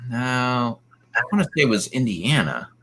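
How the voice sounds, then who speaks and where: A man with a bright, forceful voice tells a long story in casual chat. He rambles, stacks up fillers and slips into quick quoted voices as he goes. His pitch sits in the middle for a man. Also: big pitch swings, a little hiss or hum. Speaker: co-host.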